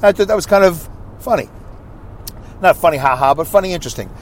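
A man hosting his own podcast, reading listener comments aloud in a rambling, animated way with mocking asides. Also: a little high, fast talker. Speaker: podcast host.

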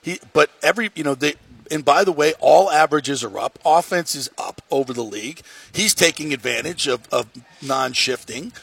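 A man from New York hosts a casual sports talk show, jokey and emphatic as he rambles through his points. His voice is gravelly and a touch husky, pitched a bit high, and it sounds dry and close at a studio mic. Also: normal speed, a bit bright, no echo.

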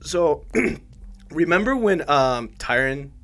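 A man's voice: fairly high pitch, animated, brisk, a bit bright. A man co-hosting a podcast in casual chat, retelling scenes in a rambling way with many fillers. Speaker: podcast co-host.

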